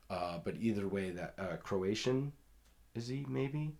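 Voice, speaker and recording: A man hosting a podcast, telling rambling, profane stories in casual talk and loudly acting out what others said. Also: on the low side, expressive, a little slow. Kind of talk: casual storytelling.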